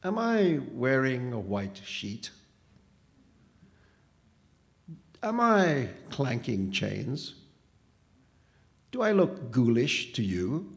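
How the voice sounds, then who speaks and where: A man's voice: mid-range voice, expressive, moderate pace, vocal fry, mellow. A man reading a story aloud, voicing a pompous male phantom who speaks in precise, wordy and falsely kindly tones. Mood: smug.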